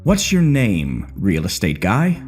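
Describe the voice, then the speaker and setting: Brief: taunting, bitter gunman, put on by a male narrator, wildly swinging pitch, soft music bed. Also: huge pitch swings, slow pace, heavily acted. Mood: mocking. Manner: mocking, swaggering taunts. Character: bitter, sneering male gunman holding hostages. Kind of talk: horror story narration.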